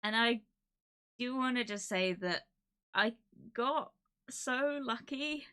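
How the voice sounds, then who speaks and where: Young woman streamer, high bright voice, laughing and teary, chatting to chat. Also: slow pace, smooth. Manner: emotional, laughing and near tears. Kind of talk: casual live stream chat.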